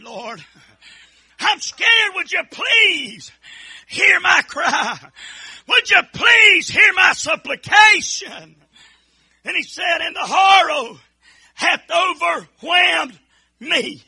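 High, shouting preacher man. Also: lively intonation, slow. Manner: fervent, pleading, rising into shouted preaching cries. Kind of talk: impassioned sermon.

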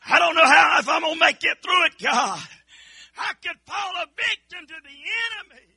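A man preaching with a strikingly high, bright voice that keeps breaking into fervent shouts. He drags his words out slowly, pleading and crying out as the sermon builds. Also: animated, gravelly. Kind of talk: impassioned sermon.

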